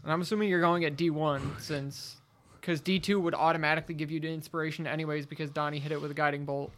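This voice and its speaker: A player in a tabletop game who talks excitedly and swears constantly. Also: medium pitch, fast, a little hiss or hum. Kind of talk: casual tabletop play.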